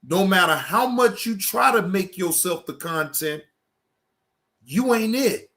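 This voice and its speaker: A man with a high, lively voice calls out a rival creator. He drags out his words slowly and curses for emphasis. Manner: drawn-out, emphatic, cursing. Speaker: streamer addressing a rival. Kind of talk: slow confrontational callout.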